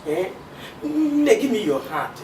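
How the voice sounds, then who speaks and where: A man's voice: high voice, sing-song, slow, exaggerated voice. An actor with a Nigerian accent playing a boastful, pushy rich man who flirts in pidgin. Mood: coaxing. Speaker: wealthy suitor. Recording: roomy, from far off, faint hiss.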